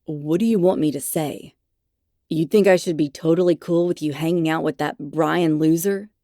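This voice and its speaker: A woman voicing a sullen, jealous young man who talks in gruff, sarcastic, clipped lines in an audiobook. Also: sits low, moderate pace, dark tone, dry recording, studio quality.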